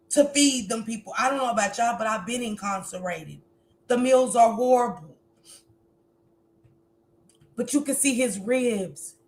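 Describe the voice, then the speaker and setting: A woman's voice: on the high side, slight background noise. A woman hosting a livestream, talking straight to her viewers in an emotional, preaching way. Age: adult with a grown son. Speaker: livestream host. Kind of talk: casual livestream commentary.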